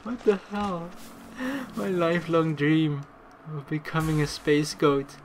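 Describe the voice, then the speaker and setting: A let's play gamer giving excitable gameplay commentary, swearing freely and laughing often, with game music playing behind. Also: mid-range voice, slow, a little hiss or hum.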